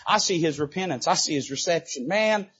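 A man with a high, husky voice preaches a sermon from the pulpit, swinging from loud emphatic bursts to quiet asides and tossing quips to the congregation. The church recording sounds dull and lo-fi. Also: animated, a little fast. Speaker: Baptist preacher.

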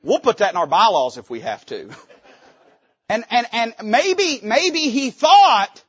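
A man's voice: extremely high pitch, sing-song, unhurried, fairly bright tone, husky, no room sound, dull audio. A man preaching a fervent, folksy sermon from a church pulpit, his volume swelling and dropping suddenly. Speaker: pastor.

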